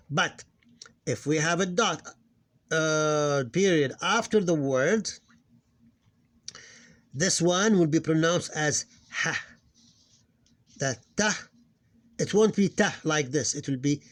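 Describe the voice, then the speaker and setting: A man teaching a casual recorded lesson, often hesitating, repeating words and slowing down to sound out syllables. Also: on the high side. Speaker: Arabic teacher.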